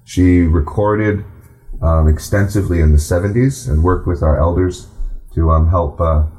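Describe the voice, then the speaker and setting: A man teaching a class, speaking unhurriedly with many fillers and restarts, then reading aloud slowly to the group. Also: sits low, dark tone, soft background music, low-quality recording. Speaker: language and culture teacher.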